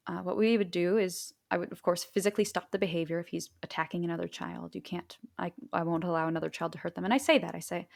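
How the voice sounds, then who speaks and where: A woman hosting a livestream, patiently recounting a story in a gentle, soothing way. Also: lowish voice, steady tone, fast, creaky, hardly any pauses. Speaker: livestream host. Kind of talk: casual livestream talk. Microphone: livestream microphone.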